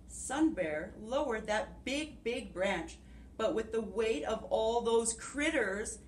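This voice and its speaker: A woman preschool teacher leading circle time and reading a storybook aloud, giving gentle, encouraging instructions to young children. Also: mid-range voice, animated, slow, far from the mic. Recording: echoey room with faint background hiss.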